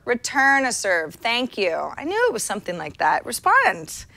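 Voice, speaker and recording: A woman's voice: a little high, wildly swooping pitch, moderate pace, bright, forceful tone. A woman co-hosting a tech talk show in casual chat, self-deprecating and chatty, often restarting her sentences. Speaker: podcast co-host.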